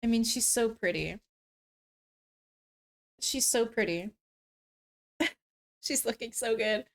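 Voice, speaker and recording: Young woman streamer, giggly and rambly, kinda high voice, just chatting while she crafts. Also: slow pace. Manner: giggly, rambling storyteller with frequent laughs and fillers. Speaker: cosplay streamer. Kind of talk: casual live-stream chat. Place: home room while crafting. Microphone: streaming setup.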